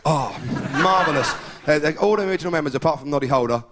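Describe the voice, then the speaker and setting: A man's voice: on the high side, quick pace. Chatty man doing stand-up on old tape. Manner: chatty, rambling, laughing at his own jokes. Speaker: stand-up comedian. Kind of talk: live stand-up routine. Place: live comedy venue with audience. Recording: 1990s VHS live recording with hiss.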